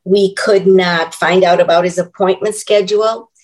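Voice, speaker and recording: An older woman, an author, speaks as an interview guest in a reflective, measured and earnest way. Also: lowish voice, steady tone, darkish tone, rough recording. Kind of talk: conversational interview.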